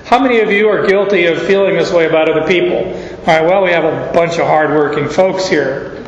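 Preaching a little fast in a fairly high voice, a pastor unpacks scripture folksily, weaving in personal anecdotes. He's in a large church hall, and the recording sounds echoey and dull with a little hiss or hum.

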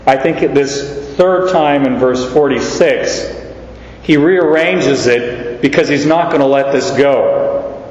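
A male pastor giving an expository sermon, teaching slowly and deliberately and repeating key quotes for emphasis. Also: a little high, a little mellow. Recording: echoey hall, dull lo-fi sound.

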